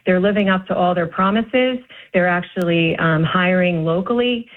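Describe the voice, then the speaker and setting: A woman's voice: fairly low pitch, moderate pace. A woman guest on a radio interview, upbeat and enthusiastic. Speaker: guest, development council director. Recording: tinny phone line.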